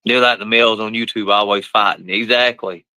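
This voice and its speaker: Bright-voiced man streaming casually. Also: lowish voice, fairly even intonation, fairly quick, no echo, rough recording. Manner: talks to his pets and viewers, swears freely; rough, colloquial speech. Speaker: live streamer. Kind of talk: casual live-stream chat.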